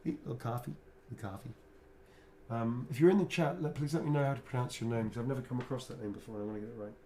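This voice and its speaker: A man chatting casually while he signs autographs on a livestream. He teases playfully, swears freely, chuckles often and drops to a quiet mutter while he draws. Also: medium pitch, racing, a little hiss or hum. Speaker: actor signing autographs on a livestream. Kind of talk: casual chat while signing.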